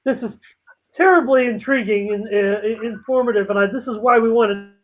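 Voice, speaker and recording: A man's voice: sits high, brisk. A man hosting a talk show over a video call, stammering and apologizing as he manages the connection. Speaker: show host. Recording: tinny phone-like line.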